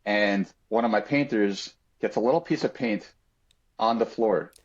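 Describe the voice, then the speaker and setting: Man, lower voice, podcast storytelling, reflective, earnest, filler-heavy, muffled lo-fi recording. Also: unhurried.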